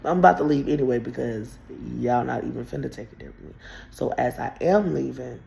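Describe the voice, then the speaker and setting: A woman's voice: extremely low pitch, fairly quick, gravelly, dark tone. A woman telling a story in a casual, blunt and profane rant that rambles along. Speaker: vlogger.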